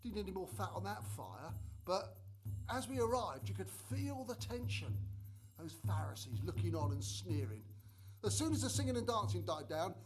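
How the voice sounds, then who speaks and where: A man's voice: sits high, very animated, normal speed, soft background music. An actor in a church drama sketch playing a chatty, proud middle-aged trader and father, who tells the story with wry asides.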